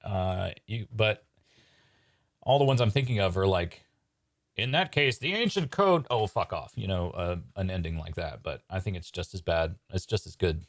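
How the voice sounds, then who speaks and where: A man's voice: sits low, moderate pace, no echo, studio quality. A man writing comedy live on stream, talking casually and hesitantly with many fillers. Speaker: sketch writer and streamer. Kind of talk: live sketch-writing chat.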